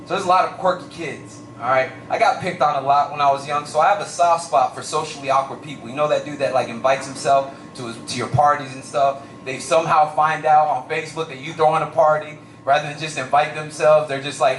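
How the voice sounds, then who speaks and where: A man's voice: a little high, fairly quick, few pauses, reverberant, distant mic, a little hiss or hum. A young man doing a stand-up comedy set, telling stories animatedly and slipping into voices. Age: young adult. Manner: animated storytelling with lots of voices and shouts.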